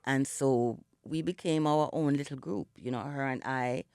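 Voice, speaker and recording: A middle-aged Jamaican singer, a guest in a radio studio, speaks reflectively in an interview, telling stories in her morning voice that hasn't warmed up yet, dotted with many "you know"s. Her voice rumbles low, a little mellow and smooth, at a moderate pace, in clean studio sound without echo.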